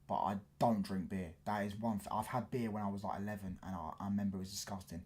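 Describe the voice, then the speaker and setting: On a loose football livestream, a London-accented man rambles casually through chat comments, full of slang and constantly asking "do you get what I'm saying." His voice is on the low side, and he talks fast.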